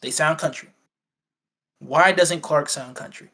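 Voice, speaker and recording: High-pitched guy going on about a movie, lots of restarts and acted-out quotes. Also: a little slow, sharp tone. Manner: rambling, acts out quoted lines; frequent fillers and restarts. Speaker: podcast co-host. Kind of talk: casual film review chat.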